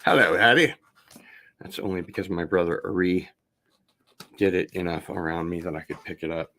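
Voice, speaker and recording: A man hosting a casual unboxing video, chatting in a relaxed, rambling way and getting excited about vinyl records. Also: deep voice, a little fast. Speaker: host.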